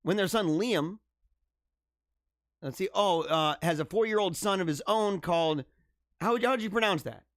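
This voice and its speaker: Recorded in clean studio sound with no room echo, this American livestream host has a high-sitting voice, a moderate pace and frequent pauses. He rambles through news stories he reads out loud, cracking jokes and chuckling a lot.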